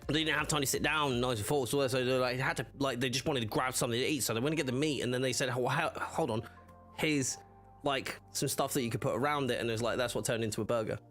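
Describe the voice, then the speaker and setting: Talking at a quick pace in a mid-range, fairly bright voice, a male livestream host chats with viewers and responds to chat. Soft background music accompanies his rambling, filler-heavy stories and frequent laughs.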